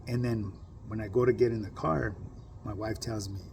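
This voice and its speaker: Gravelly middle-aged man. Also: fairly low pitch, steady tone, moderate pace, a little mellow, slight background noise. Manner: streetwise slang, keeps asking "you know what I mean". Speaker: vlogger telling a personal story. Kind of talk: casual storytelling to camera.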